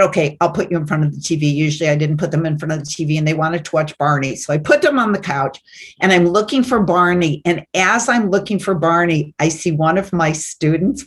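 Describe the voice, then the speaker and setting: A woman guest telling a personal story in an animated way, acting out the voices she quotes. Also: fairly low pitch. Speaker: guest, success teacher.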